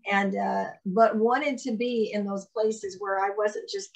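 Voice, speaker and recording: A woman's voice: medium pitch, a little slow, creaky, low-quality recording. A woman from Ohio hosting an interview, affirming her guest and asking questions. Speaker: host. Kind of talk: conversational interview.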